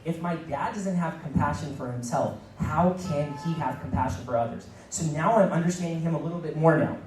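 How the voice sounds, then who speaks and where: A middle-aged keynote speaker delivers a motivational talk in a fairly high, fairly quick voice over music. He repeats phrases for emphasis and acts out quoted dialogue. The room is echoey and the mic sits at a distance.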